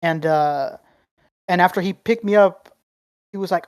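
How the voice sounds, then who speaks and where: A woman co-hosting a podcast in casual chat, telling stories in a profane, rambling, animated way. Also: fairly low pitch, a little slow, smooth, no room sound. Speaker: podcast co-host.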